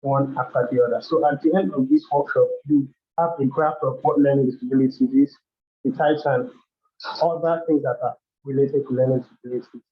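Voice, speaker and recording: A man's voice: mid-range voice, steady tone, fairly quick. A man hosting a workshop, explaining topics step by step in a loose way with frequent restarts. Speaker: workshop host. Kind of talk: educational talk. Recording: dull lo-fi sound.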